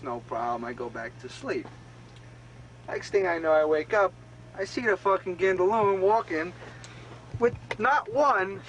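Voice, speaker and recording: A man from a band's road crew sits on a tour bus telling a laughing, profane anecdote to the camera as casual storytelling. His voice is fairly high and fairly bright, and the low-quality recording has a little hiss or hum.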